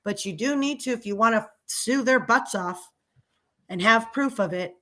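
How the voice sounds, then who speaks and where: A woman's voice: fairly high pitch, normal speed, pushed and bright. A middle-aged woman delivering an angry, sarcastic rant as a local commentator in a vlog. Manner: indignant, sarcastic, ranting. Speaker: local commentator and small business owner.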